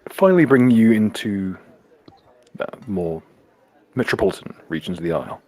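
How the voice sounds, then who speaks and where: A man's voice: on the low side, big pitch swings, normal speed, a little mellow. A man narrating a tabletop game as game master, laughing and swearing as he stumbles over words.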